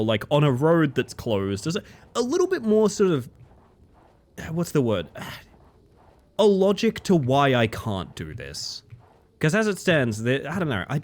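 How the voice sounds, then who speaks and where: Animated man streaming a game. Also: fairly high pitch. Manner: animated, excitable, swears freely. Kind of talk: casual gaming livestream chat.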